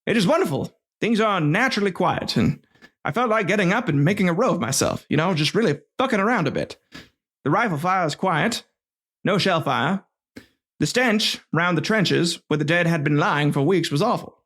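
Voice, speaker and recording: A man's voice: sits high, expressive, normal speed, a bit bright. A man putting on an old-timey radio announcer voice. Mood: wondering. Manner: theatrical, announcer-like delivery. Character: WW1 private reading his diary as an old-timey male radio announcer.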